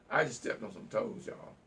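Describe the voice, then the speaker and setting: A call-in talk show host preaches fiercely to his audience, his words tangling and repeating as he gets worked up in an impassioned monologue. His voice is fairly low yet pushed and bright, recorded from a distance with slight background noise.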